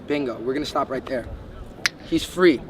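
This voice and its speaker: A young man from the Bahamas giving emphatic, step-by-step motivational sales coaching. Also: medium pitch. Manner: brisk, emphatic, lays out numbered steps. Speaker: sales trainer. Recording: distant mic, faint street noise.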